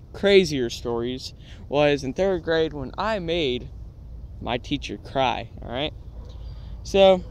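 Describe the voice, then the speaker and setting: A man telling funny childhood stories in a casual, lively way, often checking in with "right?" and "all right?". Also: a little high, slight background noise. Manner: lively anecdotes with frequent "all right?" and "right?" tags. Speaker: storytelling channel host. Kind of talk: casual storytelling.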